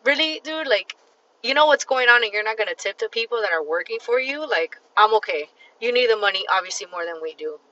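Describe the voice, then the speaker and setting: A woman hosts a casual solo podcast, tired but blunt and emphatic, swearing freely as she talks straight to the listener. Her voice is bright and forceful. The recording sounds dull and lo-fi. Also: fairly high pitch, expressive, a little fast. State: tired and fatigued. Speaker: podcast host.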